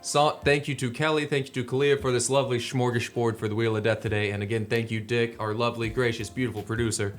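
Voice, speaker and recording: A man hosting a casual radio talk show, upbeat and thanking his guests in quick lists. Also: medium pitch, fairly even intonation. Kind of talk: casual radio chat and sign-off.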